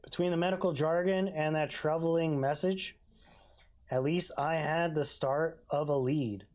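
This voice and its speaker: Gamer reading out a detective game, slow unhurried delivery, cracking jokes between lines. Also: mid-range voice, fairly even intonation, darkish tone. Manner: slow, casual, jokey asides. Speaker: let's-play gamer. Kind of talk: reading game dialogue aloud.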